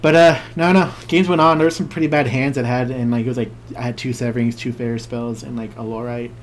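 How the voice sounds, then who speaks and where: A man's voice: mid-range voice, steady tone, fast, slight background noise. Rambling, laughing man on a podcast. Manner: rambling storyteller, acts out quotes, laughs often. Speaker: podcast co-host. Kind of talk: casual chat.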